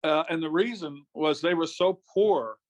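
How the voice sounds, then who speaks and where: A man's voice: a little high, moderate pace. An older man from New York State, a former politician, telling easygoing anecdotes as an interview guest. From New York State, USA. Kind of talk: casual interview storytelling.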